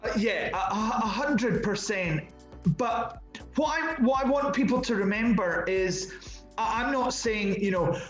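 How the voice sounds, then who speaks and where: High-voiced Scottish man, chatty. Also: roomy sound, faint music behind, poor audio. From Scotland. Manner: animated and chatty, with quick restarts and repeated words. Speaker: interview guest, drag performer. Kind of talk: casual interview chat.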